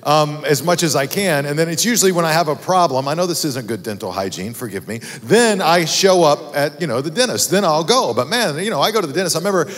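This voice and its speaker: Male preacher, from Texas, casual self-deprecating storyteller, raised pitch, long hall reverb. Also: expressive, fast talker, hardly any pauses, fairly bright tone. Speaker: pastor. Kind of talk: sermon. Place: church auditorium.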